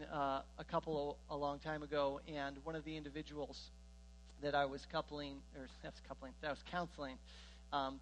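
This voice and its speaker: A male pastor preaching with a fairly high voice. He swings between loud, emphatic retellings and quieter, joking asides. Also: a little hiss or hum, low-quality recording. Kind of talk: sermon.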